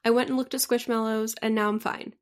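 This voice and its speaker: A woman's voice: on the high side, level tone, a little fast. A woman co-hosting a podcast from Canada, talking earnestly and emotionally in a rambling way, full of "like"s. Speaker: podcast co-host. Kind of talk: casual chat.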